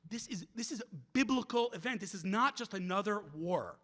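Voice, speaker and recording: Lively high-voiced man giving a talk. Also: a little fast. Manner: animated storyteller who acts out quoted voices; frequent restarts and repeated words. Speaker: guest speaker. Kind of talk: speech at a community event.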